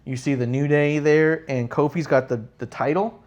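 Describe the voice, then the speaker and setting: A man co-hosting a casual wrestling talk show, recapping in an animated way and jumping into exaggerated high voices to mimic people. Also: normal speed. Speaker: podcast co-host. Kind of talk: casual chat.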